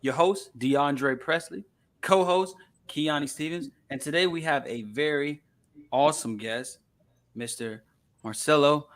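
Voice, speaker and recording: A man hosting a casual interview show, upbeat, laughing often and filling pauses with um. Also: fairly high pitch, a bit bright. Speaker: podcast host.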